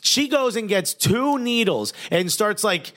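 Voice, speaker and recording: A man hosting a podcast, telling a comic story in casual, animated chat. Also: sits high, measured pace. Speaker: podcast host.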